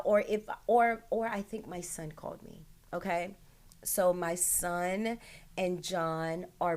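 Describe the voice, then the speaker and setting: A woman hosting her own show, telling an emotional personal story straight to her listeners with many "like" and "right?". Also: on the low side.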